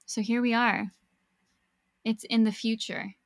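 A young woman telling a personal story in casual chat, animated and swearing freely as she acts out what people said. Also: on the high side, a little slow, no echo, studio quality. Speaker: podcast guest storyteller.

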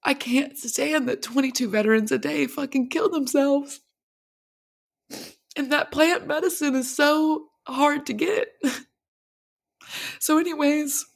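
Her gravelly voice sits high as this young podcast host opens up in an emotional, candid monologue, cursing without restraint.

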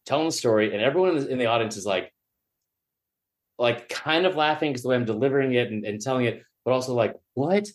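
Speaking fast, a man who works in sports media tells a long, rambling tale as a podcast guest. He acts out each quoted person with jumps in pitch, and the whole thing is profane and full of jokes.

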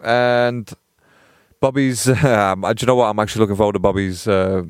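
A man's voice: fairly low pitch, steady tone, moderate pace, clean tone, dry recording. Male podcast co-host, bantering and ribbing his mate, dry recording. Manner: teasing, bantering. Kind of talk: casual chat.

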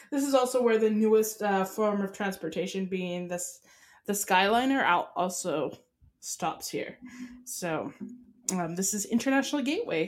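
Chatty woman podcast co-host. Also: mid-range voice. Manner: chatty, explains park tips with fillers. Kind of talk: casual chat.

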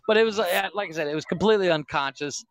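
A man chats on a podcast in a voice pitched a bit high, recorded dry and close. He swears casually and keeps breaking into laughter as he tells stories about his week. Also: fast talker, fairly bright tone, dry recording. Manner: profane, laughing storyteller. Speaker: podcast co-host. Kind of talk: casual chat. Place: home recording room.

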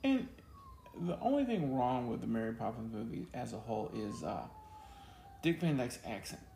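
A man's voice: mid-range voice, very animated, normal speed, creaky, mellow, roomy sound, slight background noise. A man co-hosting a podcast in casual chat, joking and teasing his co-host. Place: home studio. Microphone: podcast mic.

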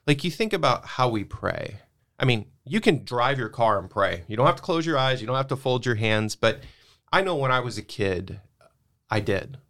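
A man as a returning podcast guest, explaining in a thoughtful, measured way. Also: mid-range voice, fairly bright tone. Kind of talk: casual conversation.

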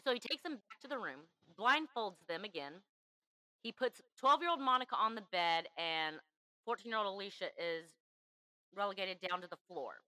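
A woman's voice: lively intonation, normal speed, pushed and bright, no echo, low-quality recording. A woman hosting a podcast, earnestly telling a true crime story and acting out the quotes. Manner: earnest, acts out quotes with shifts in pitch. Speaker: podcast host.

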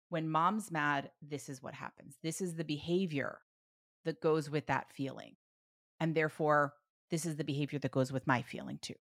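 A woman coaching a parent with advice, acting out example phrases with lively emphasis. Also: low-pitched, no room sound, clean studio sound. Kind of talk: advice session.

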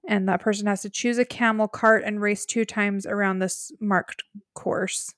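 A woman's voice: medium pitch, steady tone, measured pace, fairly bright tone, dry recording, clean studio sound. A woman co-hosting a podcast, recapping a reality show in giggly, teasing conversation. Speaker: podcast co-host. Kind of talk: casual rewatch chat.

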